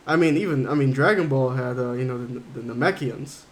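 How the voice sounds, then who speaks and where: A man's voice: medium pitch, brisk. A man livestreaming a game, chatting casually and rambling as he thinks aloud while reading chat. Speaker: game streamer.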